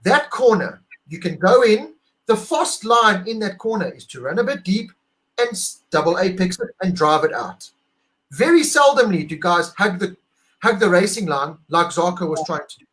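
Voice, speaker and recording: A man's voice: sits high, expressive, moderate pace, fairly bright tone, rough recording. A man co-hosting a casual motorsport debrief over a video call, emphatic and argumentative, repeating his points. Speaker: co-host.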